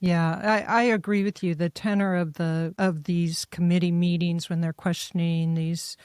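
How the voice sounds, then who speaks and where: A woman co-host asks questions in a measured, conversational way. Her voice is smooth and clear, and it sits a little low. The sound is dry and close. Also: flat delivery, darkish tone, no echo. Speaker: podcast co-host. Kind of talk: casual conversation.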